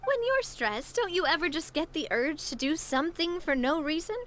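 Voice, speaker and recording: A woman's voice: high-pitched, very animated, moderate pace, fairly bright tone, slight background noise. A woman voicing a cheerful, sociable young woman in a video game, friendly and bubbly in manner. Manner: bubbly, friendly, calls others partner.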